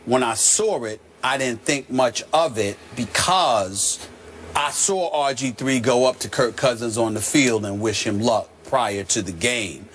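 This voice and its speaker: A man giving his take as a commentator on a sports talk show, emphatic and measured, with repeated qualifiers. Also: mid-range voice, a bit bright, a little hiss or hum. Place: television studio.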